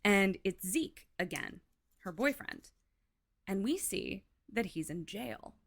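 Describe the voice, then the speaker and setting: A woman co-hosting a podcast, casually retelling a film plot with lots of "like" and quick acted-out quotes. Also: mid-range voice, expressive, creaky. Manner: chatty, heavy use of "like", acts out quotes. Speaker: podcast co-host.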